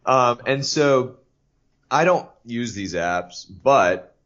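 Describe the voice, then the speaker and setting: A man co-hosting a casual podcast, talking in a halting way with many fillers and restarts. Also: mid-range voice, lively intonation, a bit bright. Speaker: podcast co-host. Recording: dull lo-fi podcast audio.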